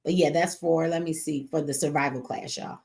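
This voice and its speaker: A woman's voice: low voice, fairly even intonation, fairly quick, a little mellow. A woman hosting a casual live stream from home, chatty and slangy, cussing and reading viewer comments aloud. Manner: chatty, slangy, cusses and laughs often.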